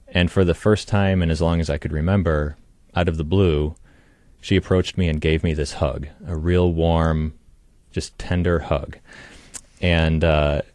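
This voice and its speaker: A man's voice: very deep voice, a little mellow, no echo. A man recalling personal memories as an interview guest, thoughtful and hesitant, with frequent ums.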